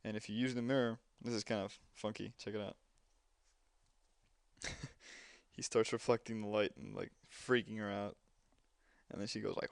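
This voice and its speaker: A man's voice: fairly low pitch, moderate pace, vocal fry, pauses often, smooth, no echo, clean studio sound. A young man casually commenting while playing a game, chatty and rambling with lots of fillers. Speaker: gameplay commentator.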